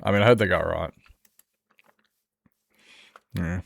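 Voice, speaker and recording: A man's voice: sits low, a little slow, creaky, fairly bright tone, dry recording. A man with an Australian accent chatting casually with viewers while playing a game, rambling, often laughing and restarting his sentences. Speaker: streamer.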